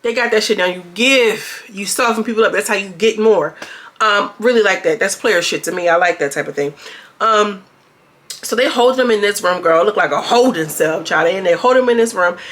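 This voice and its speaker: Woman doing a reality show recap, slangy and chatty, talking to the viewers, medium pitch. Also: fairly quick, a bit bright. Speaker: reality TV reviewer. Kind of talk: casual commentary to viewers.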